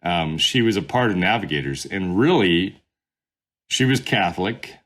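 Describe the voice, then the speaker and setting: A man's voice: low voice, lively intonation, moderate pace, fairly bright tone. A middle-aged man, a former pastor, telling his story as a podcast guest in a rambling, casual way. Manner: rambling, many fillers and restarts.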